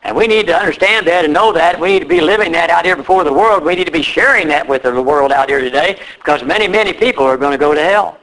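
Emphatic bright-voiced male preacher. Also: a little high, poor audio. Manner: emphatic, repeats key phrases, rises to exhortation; reads scripture aloud slowly. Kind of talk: sermon.

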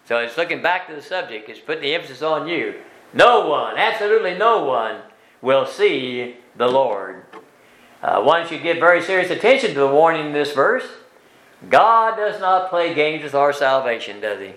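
A man's voice: a little high, expressive, brisk, a bit bright. A man teaching a Bible study class, explaining verses word by word and asking the group rhetorical questions. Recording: roomy room echo.

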